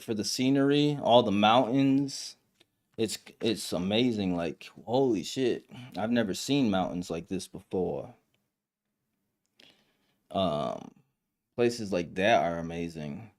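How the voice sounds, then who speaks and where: A man's voice: lowish voice, takes it slowly, a little mellow. A young man hosting a live stream podcast, telling stories and chatting casually with slang and fillers. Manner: loose storytelling, lots of slang and fillers.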